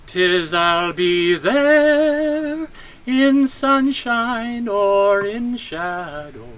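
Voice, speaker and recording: A man sings a slow, tender ballad at an outdoor graveside. His voice sits high and rings bright, and he draws every phrase out at a very unhurried pace. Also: expressive, clear, resonant tone. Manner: tender, drawn-out singing. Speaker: funeral singer.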